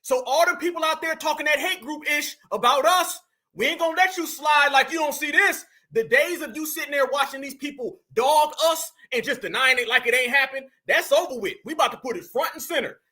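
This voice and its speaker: A man's voice: very high-pitched, fairly quick, sharp tone. A man hosting a podcast, giving emphatic, preachy commentary and speaking straight to his listeners. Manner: emphatic, preachy, addressing the audience as fam. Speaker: podcast host. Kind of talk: political commentary.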